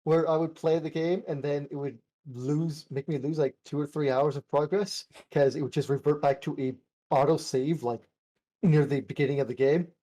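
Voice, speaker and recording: A man's voice: on the high side, fairly even intonation, normal speed, mellow, rough recording. A man co-hosting a casual gaming podcast, rambling and laughing often as he chats. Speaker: podcast co-host. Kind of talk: casual chat.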